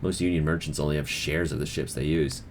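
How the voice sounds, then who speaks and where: A man voicing a sardonic woman harbor master in a fantasy game, speaking in a dry, grumbling, unhurried way. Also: rumbling low, fairly even intonation, a little hiss or hum, voice pushed down.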